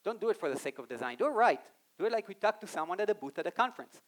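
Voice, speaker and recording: A man giving an animated live talk on a conference stage, speaking straight to the audience and acting out quoted voices. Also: high-pitched, racing. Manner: animated, addresses the audience directly.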